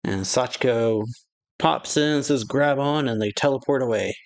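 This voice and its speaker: Man, reaction channel host, casual read-along of a manga chapter, many fillers, mid-pitched voice. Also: moderate pace.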